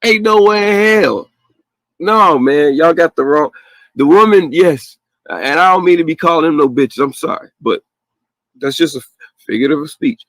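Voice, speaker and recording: A man's voice: on the high side, normal speed, dry recording, rough recording. Host, man, heated and profane with frequent laughs, dry close mic. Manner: profane, animated, laughs often. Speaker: podcast host. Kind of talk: casual opinionated chat.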